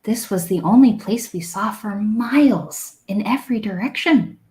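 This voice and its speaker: A woman voicing a dainty, graceful female elf noble who speaks softly and politely. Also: mid-range voice, expressive, moderate pace, roomy sound, natural voice.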